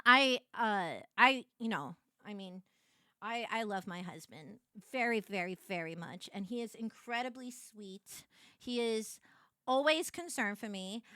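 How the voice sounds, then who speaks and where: A woman's voice: a little high, sharp tone, no room sound, clean studio sound. A young woman streamer chatting casually with viewers, full of fillers, giggles and sudden shrieks.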